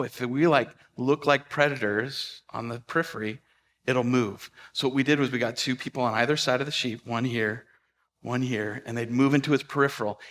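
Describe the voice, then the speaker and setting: A man pastor telling a lively personal story in a sermon, racing through the exciting parts and dropping to a hush for the tense ones. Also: medium pitch. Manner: animated storyteller, quick bursts and hushed asides. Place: church sanctuary.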